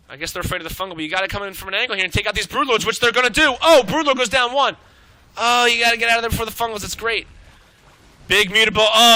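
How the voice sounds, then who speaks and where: A man shoutcasting a live strategy game match, excitable and swearing freely as he calls the action. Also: high-pitched, low-quality recording. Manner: excitable, swearing, rapid reactions. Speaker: esports shoutcaster. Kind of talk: live play-by-play game commentary.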